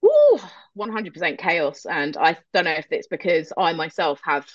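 A woman's voice: fairly low pitch, huge pitch swings, normal speed, dry recording, dull audio. A woman guest in a casual interview, talking candidly with a self-deprecating streak, swearing casually and laughing easily. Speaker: guest, metal vocalist.

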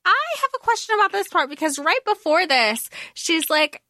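A woman's voice: extremely high pitch, animated, moderate pace, sharp tone, dry recording, clean studio sound. A woman co-hosting a casual book-discussion podcast, chatty and full of questions about the story. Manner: chatty, questioning, laughs between points. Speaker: podcast co-host.

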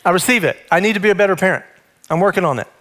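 High-voiced male pastor preaching. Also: racing, fairly bright tone. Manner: conversational storytelling preacher. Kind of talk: sermon.

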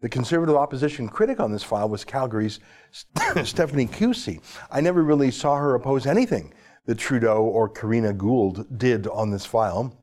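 Male commentator, animated delivery, emphatic and sarcastic, pitch swings widely. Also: a little fast. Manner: emphatic, sarcastic, reads legal text aloud. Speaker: political commentator. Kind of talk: opinionated political commentary.

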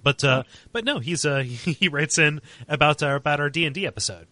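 A man's voice: a little high, a little fast, bright, forceful tone, no echo. A man co-hosting a game podcast, reading listener mail and chatting animatedly, laughing often. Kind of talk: casual chat.

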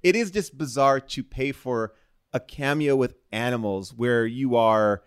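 A man, a comedian guest on a podcast, talking in a wry, animated way. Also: medium pitch, a little slow, clean tone, no room sound, studio quality. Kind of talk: casual comedy podcast chat.

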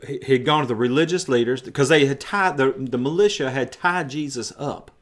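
A man's voice: medium pitch, fairly quick. A man preaching a sermon, retelling a story emphatically and in vivid detail.

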